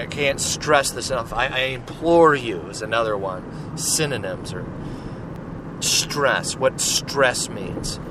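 A man hosts a solo podcast, rambling casually and chattily and often checking in with "right?" His voice is medium in pitch, with background noise behind it.

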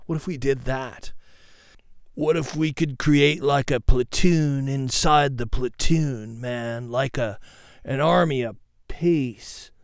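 A man's voice: medium pitch, slow pace, dry recording, studio quality. A man voicing a peace-loving young male hippie who drawls and tags his lines with "man.". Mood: persuasive. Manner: drawling "man" and "dude" slang.

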